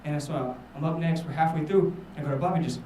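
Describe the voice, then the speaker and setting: A man's voice: on the high side, quick pace, mellow, echoey room, recorded from a distance, slight background noise, rough recording. A man doing a rambling, self-mocking stand-up set, swearing a lot. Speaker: stand-up comedian. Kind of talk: stand-up set at a live show.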